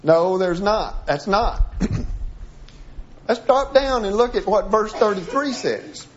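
Taking it slowly with lively intonation, a high-voiced preacher reads scripture aloud in a sermon-style lesson and dissects it piece by piece, restarting often. It's captured on a dull, lo-fi recording.

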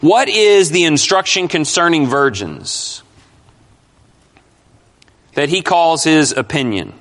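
Guy preaching in a church, kinda high voice, big hall echo, presses his points hard. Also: big pitch swings, slow, fairly bright tone. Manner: emphatic, questions the congregation. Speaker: pastor. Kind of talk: expository sermon. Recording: long hall reverb.

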